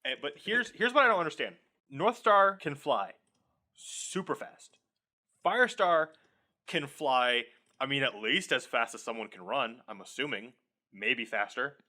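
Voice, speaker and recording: A podcast co-host chats casually while retelling a story, laughing often and swearing freely. His mid-range voice is expressive, bright, and forceful, at a normal speed.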